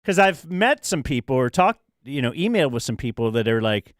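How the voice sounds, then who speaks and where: A man's voice: medium pitch, big pitch swings, brisk, no echo, clean studio sound. A man co-hosting a talk show, telling a rambling story in casual chat with many fillers and restarts. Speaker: radio show co-host.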